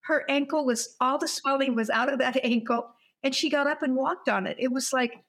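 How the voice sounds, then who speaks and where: A woman's voice: high-pitched, a little fast, fairly bright tone. An older woman hosting an interview, telling stories in an enthusiastic, conversational way. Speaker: host.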